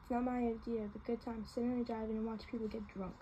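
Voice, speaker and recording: A woman voicing a composed, frank teenage girl in a calm, thoughtful manner while reading a novel aloud. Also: on the high side, fast, lo-fi sound, a little hiss or hum, lightly acted.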